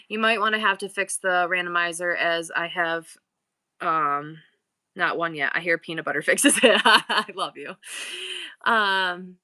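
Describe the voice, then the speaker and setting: A woman's voice: medium pitch, pushed and bright. A woman in her thirties hosting a casual livestream, talking in rambling, restarting bursts and swearing now and then. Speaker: livestream seller host.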